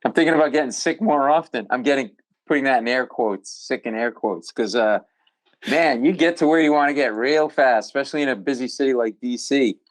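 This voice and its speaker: A comedian guest on a podcast, a man telling a story with lively acted-out quotes and sudden jumps in pitch. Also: brisk, poor audio. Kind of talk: animated storytelling. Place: podcast studio.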